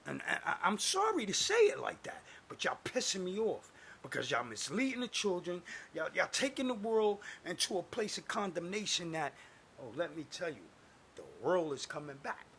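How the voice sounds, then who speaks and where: A man delivering an angry, preachy religious rant to camera, cursing and swinging between booming declarations and muttered asides. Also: sing-song, moderate pace, creaky, a bit bright, a little hiss or hum. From United States. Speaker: self-styled prophet posting online videos.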